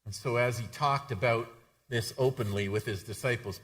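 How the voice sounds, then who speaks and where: A man's voice: mid-range voice, normal speed, a bit bright. A male pastor giving a conversational sermon, often repeating words as he restarts his sentences. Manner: conversational, frequent stammered repeats.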